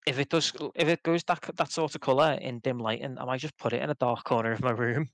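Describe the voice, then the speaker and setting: Male podcast co-host, mid pitch, dry studio sound, playful and stubborn. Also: quick pace, creaky, no room sound. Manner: stubborn, playful banter with frequent laughs. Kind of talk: casual chat.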